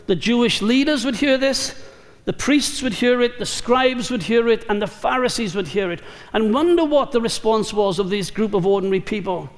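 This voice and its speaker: High-voiced Kiwi pastor preaching in a hall. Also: male voice. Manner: measured and emphatic, building through repeated phrases. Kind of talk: sermon. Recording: long reverb of a large hall.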